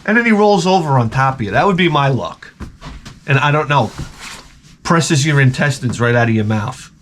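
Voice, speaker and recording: A man's voice: medium pitch, expressive, moderate pace, a bit bright, slight background noise. Man ranting animatedly, sick with flu. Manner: exasperated, rambling, profane. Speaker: vlogger. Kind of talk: comedic storytelling rant.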